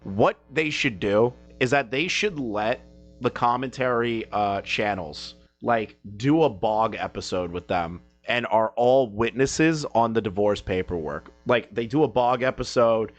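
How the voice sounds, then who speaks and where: A man reacting to a video as a commentary streamer, mocking and swearing as he rambles, with sudden loud high outbursts. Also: measured pace, soft background music.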